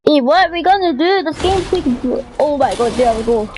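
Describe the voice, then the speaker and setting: A woman's voice: high voice, lively intonation, a little fast, a little mellow, slight background noise, low-quality recording. A woman chatting casually and scattered on a gameplay live stream. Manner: chatty, scattered, self-interrupting.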